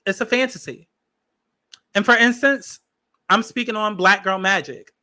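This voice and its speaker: A man hosting a podcast, giving blunt, profane commentary with sassy asides and drawn-out emphasis. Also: high voice, sharp tone. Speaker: podcast host. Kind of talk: opinionated commentary.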